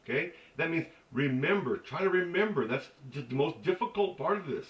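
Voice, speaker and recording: A man giving a casual spoken language lesson, halting with many fillers and restarts and dropping joking asides. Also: fairly high pitch, expressive. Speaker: language teacher. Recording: echoey dull recording from a distance.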